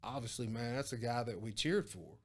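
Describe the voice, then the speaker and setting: A man's voice: medium pitch, fairly quick. Profane man telling stories. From Oklahoma. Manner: profane, animated storytelling with quoted dialogue. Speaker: guest, former prison guard. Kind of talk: casual storytelling interview.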